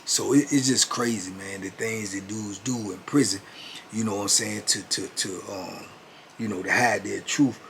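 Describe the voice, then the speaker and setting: A man's voice: on the low side, moderate pace, gravelly, fairly bright tone, slight background noise. A man in his fifties telling a story in a laid-back, conversational way, full of "you know what I'm saying". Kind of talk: casual storytelling.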